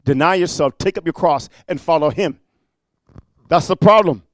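A man preaching a fiery evangelistic sermon, emphatic and full of "amen" and "huh?", swinging from quiet asides to loud declarations. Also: on the high side, normal speed, no echo.

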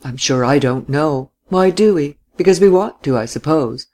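A man voicing a lively young widow who speaks in high, distinct, teasing tones. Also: moderate pace, natural voice.

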